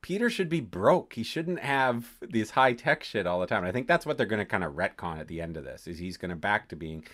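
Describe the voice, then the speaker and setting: A man co-hosting a casual podcast, talking excitably about superhero shows, laughing often and swearing casually. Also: lowish voice, a little fast, few pauses. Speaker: podcast co-host.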